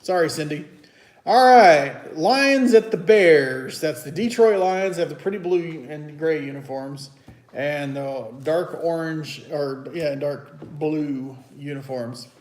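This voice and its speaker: A man's voice: fairly high pitch, slow, a little mellow. A man hosting a casual, teasing sports picks chat at home. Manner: chatty, teasing, loose and rambling. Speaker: host. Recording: echoey room.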